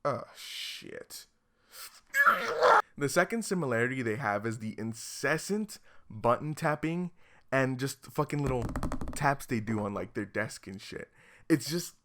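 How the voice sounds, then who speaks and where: A man's voice: mid-range voice, lively intonation, normal speed, noisy background. A man giving sarcastic, exasperated comedic commentary as a YouTuber.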